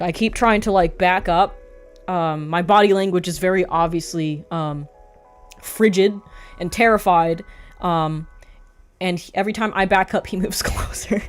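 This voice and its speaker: A young woman streamer telling a story casually, rambling with frequent swearing and quick asides. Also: lowish voice.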